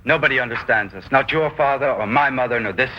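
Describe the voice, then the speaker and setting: A man's voice: medium pitch, quick pace, natural voice. An actor playing a frantic, lovesick young man trying to elope, stammering and pleading in 1950s television drama style. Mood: melodramatic. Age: young adult. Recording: dull lo-fi 1950s TV soundtrack.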